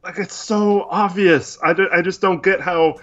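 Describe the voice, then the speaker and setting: A man's voice: sits high, steady tone, moderate pace, fairly bright tone, highs cut off. A man co-hosting a casual sports podcast, rambling and frustrated with lots of fillers. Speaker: podcast co-host.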